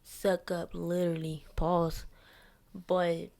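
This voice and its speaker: Gravelly-voiced young woman venting bluntly. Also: lowish voice, level tone, slow, darkish tone. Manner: blunt, profane, preachy advice with slang. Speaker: podcast host. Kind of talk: candid solo venting podcast.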